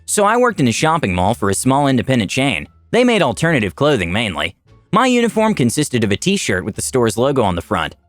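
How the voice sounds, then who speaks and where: A man narrating reddit stories aloud in a wry, expressive scripted reading. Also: mid-range voice, a little fast, no echo. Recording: dry voice-over with faint music.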